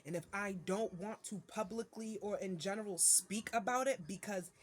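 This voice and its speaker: A woman's voice: medium pitch, moderate pace. A mother venting to her viewers in a casual monologue, irritated and ranting, with many fillers and restarts.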